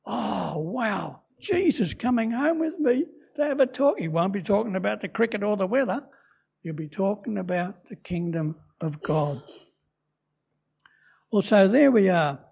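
A man's voice: sits high, creaky, darkish tone, breathy edge. An older man preaching a sermon in a chatty, self-amused storytelling manner. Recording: dull lo-fi recording.

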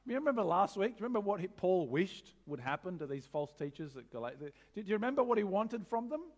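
Man, pastor, slightly high voice, very expressive delivery, rhetorical and wry. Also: quick pace. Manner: animated, rhetorical questions, wry humor. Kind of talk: sermon.

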